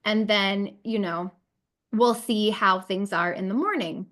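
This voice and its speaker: A woman's voice: mid-range voice, unhurried, fairly bright tone. A woman in her thirties, a podcast guest, telling a personal story in an earnest way, full of quoted dialogue and fillers.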